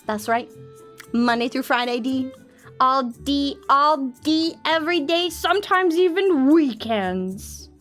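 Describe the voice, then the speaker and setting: Woman streamer on a boom mic, slow and bouncy, sing-songy squeals and laughs. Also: animated, soft background music. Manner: playful and teasing, breaks into laughs; bursts into sing-song and shouty squeals. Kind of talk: casual live-stream chat.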